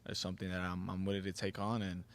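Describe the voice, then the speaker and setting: A man in his twenties, a team captain being interviewed, easygoing and modest with relaxed fillers. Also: sits low, fast talker. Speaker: guest, soccer team captain. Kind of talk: casual interview.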